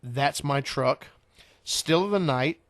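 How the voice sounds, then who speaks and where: A man hosting a casual talk show, spinning long, rambling stories. His voice sits at an everyday pitch. The sound is dry and close. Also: takes it slowly, no echo. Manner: rambling, animated storyteller. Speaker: podcast host. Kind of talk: casual chat.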